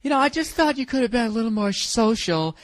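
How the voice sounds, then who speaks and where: A man's voice: extremely high pitch, expressive, fast talker, pitched above the performer's own voice. A man voicing a nagging, self-pitying wife who whines and keeps tacking on "okay?". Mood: whiny nagging. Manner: whiny, wheedling, repeats "okay?".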